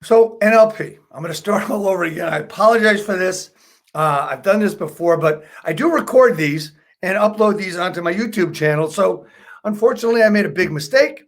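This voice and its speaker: A man with a notably high speaking voice coaches viewers through a live online lesson on building rapport. His delivery is chatty and upbeat, full of "right?" check-ins and quick self-corrections. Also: lively intonation, vocal fry. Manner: self-correcting, apologetic asides. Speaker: sales trainer.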